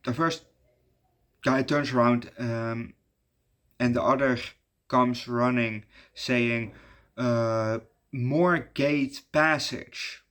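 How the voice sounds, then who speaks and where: A man talks through a film review in a loose, offhand way, trailing off and restarting his sentences often. His voice sits at an ordinary middle pitch, and the tone stays conversational throughout. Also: level tone, takes it slowly, pauses often, fairly bright tone, clean tone. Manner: rambling, many fillers and restarts. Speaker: movie reviewer. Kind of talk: casual movie review.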